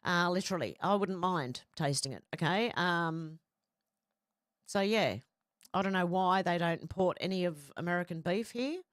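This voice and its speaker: A woman's voice: lowish voice, moderate pace, no room sound, studio quality. A woman hosting casual news commentary, rambling and exclaiming with the odd swear. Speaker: commentary host.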